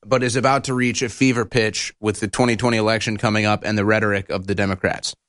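A man's voice: lowish voice, level tone, fast talker, a bit bright, no room sound, clean studio sound. A man hosting a political commentary show, ranting in a combative, insulting and heated way.

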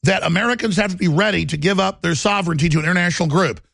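A man's voice: sits high, rapid-fire, gravelly, fairly bright tone, no echo. A man hosting a talk show, delivering an intense, heated, rambling monologue.

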